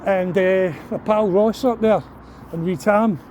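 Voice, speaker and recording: Scottish guy in his middle years walking and talking on his phone, fairly high voice, sweary rambling yarns, loud traffic behind. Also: fairly even intonation, measured pace, low-quality recording. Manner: rambling, sweary, chatty storytelling. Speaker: vlogger. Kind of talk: walk-and-talk storytelling. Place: outdoors on a town street.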